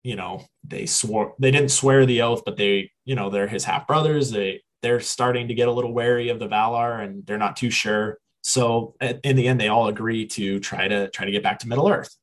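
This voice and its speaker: A man's voice: medium pitch, steady tone, normal speed, few pauses, rough recording. A man co-hosting a podcast, casually retelling a story and paraphrasing the characters, rambling and correcting himself as he goes. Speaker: podcast co-host.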